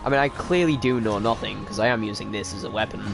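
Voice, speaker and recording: A streamer gives casual live commentary while gaming, joking at his own expense and chatting with viewers by name. His voice is fairly low with vocal fry, he talks quickly, and music plays underneath.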